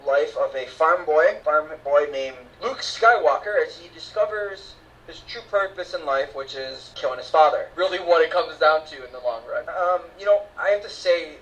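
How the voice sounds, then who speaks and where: A man's voice: on the high side, expressive, normal speed, a bit bright, distant mic, poor audio. A man hosting a casual movie review podcast, chatty and enthusiastic, often laughing. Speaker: podcast host.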